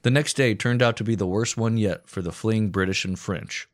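A man's voice: fairly low pitch, moderate pace. A man co-hosting a comedy podcast, narrating war history in a casual, profane, joking way. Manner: storytelling with crude jokes and profanity.

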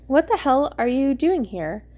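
A woman's voice: sits high, very animated, a little slow, darkish tone. A woman reading as a whiny sheepish young man. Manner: whining.

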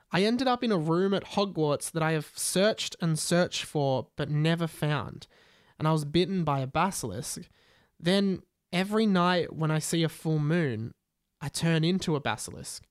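A man's voice: a little high, clear, resonant tone, no room sound, studio quality. A man voicing a schoolboy wizard who explains his story and brushes off an accusation.

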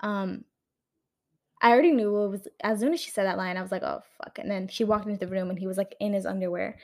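A woman's voice: medium pitch, quick pace, a little mellow. Heated young woman ranting, lots of swearing. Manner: heated, swears often, many fillers and restarts. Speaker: video creator reviewing a film. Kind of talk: ranting casual vlog.

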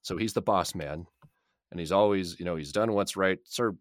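A man's voice: low-pitched, moderate pace, no echo, clean studio sound. A man co-hosting a podcast and chatting casually about a book, rambling and repeating words as he thinks. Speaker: podcast co-host.

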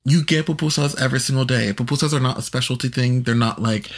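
A man's voice: mid-range voice, fast. A man co-hosting a podcast, chatting casually and telling food stories with playful energy. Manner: animated, playful storyteller. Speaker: podcast co-host. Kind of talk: casual chat.

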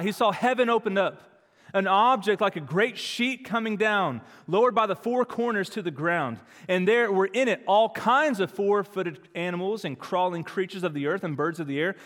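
High-voiced preaching pastor in a hall. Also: male voice, a bit bright. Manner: preaching with rising emphatic intensity, acting out quotes. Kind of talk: sermon. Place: church sanctuary.

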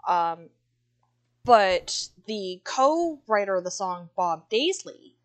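A woman co-hosting a casual podcast, reading from her notes in a chatty, easygoing way and laughing easily. Her voice sits at a middling pitch. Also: very animated, takes it slowly. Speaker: podcast co-host.

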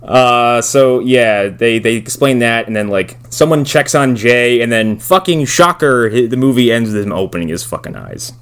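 A man's voice: medium pitch, normal speed, few pauses, fairly bright tone, clear, resonant tone. A man co-hosting a podcast, tossing in wry, joking asides while recapping a movie. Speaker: podcast co-host. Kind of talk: casual movie recap chat.

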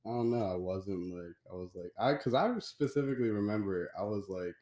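A man who is a podcast guest, speaking in a relaxed, rambling way that trails off, in casual chat. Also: lowish voice, a little fast, roomy sound.

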